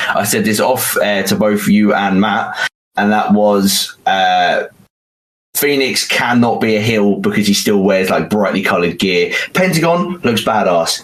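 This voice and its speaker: A British man co-hosting a wrestling podcast in casual chat, animated and rambling with fillers. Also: on the low side, rough recording. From United Kingdom. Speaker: podcast co-host.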